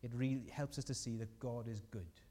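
A man's voice: mid-range voice, normal speed, dark tone, long reverb tail. A man preaching a sermon as a pastor, earnest and rising in emphasis on key lines.

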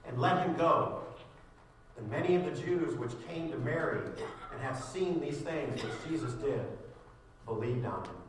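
A fervent male pastor preaching with a bright, forceful tone. His voice rings through a very echoey sanctuary, picked up from some distance away. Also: a little high, a little hiss or hum. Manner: fervent, rising to raised voice at climaxes. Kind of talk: sermon. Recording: echoey room heard from a distance.

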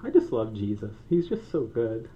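A man's voice: lowish voice, big pitch swings, moderate pace, warm tone, a little hiss or hum. Pastor guy preaching, chatty and jokey, laughs a lot, kinda dull muffled sound. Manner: conversational, joking asides, laughs often. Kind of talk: sermon. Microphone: microphone.

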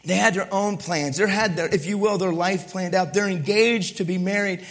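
A pastor delivering a lively sermon, with a high-pitched voice. He talks in a conversational way, acting out the voices of the people in his story and asking the crowd for agreement. His voice rings with the long reverb of a large hall. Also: normal speed. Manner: animated, conversational, acts out voices.

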